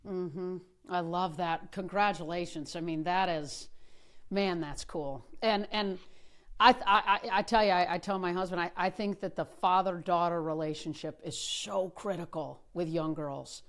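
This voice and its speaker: A middle-aged woman hosts a podcast interview in a somewhat low voice. She talks in an encouraging way and affirms her guest often before she asks her questions. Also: measured pace, fairly bright tone. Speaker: podcast host.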